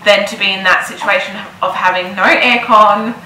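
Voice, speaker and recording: Young mum-to-be vlogging, bright forceful voice, echoey room. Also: female voice, medium pitch, steady tone, normal speed, slight background noise. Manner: chatty, repeats words for emphasis. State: heavily pregnant. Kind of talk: casual pregnancy vlog.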